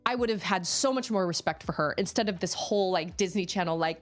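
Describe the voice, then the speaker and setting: A woman's voice: fairly low pitch, fast talker, hardly any pauses, soft background music. A woman gaming streamer in casual, rambling storytelling, acting out the people she quotes. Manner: animated, acts out other people's voices in quotes; chatty, rambling, with many restarts.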